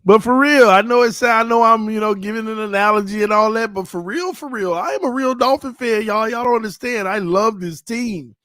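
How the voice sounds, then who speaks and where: A man's voice: high voice, a little fast, few pauses, bright, forceful tone, dry recording, studio quality. A man hosting a fan channel livestream in casual chat, a little tipsy, playful and rambling, laughing often.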